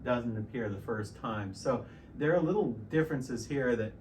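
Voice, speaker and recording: A middle-aged man teaching piano in a relaxed, explanatory way, stopping and restarting often. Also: mid-range voice, normal speed, very noisy. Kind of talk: casual piano tutorial. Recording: piano loud in the background.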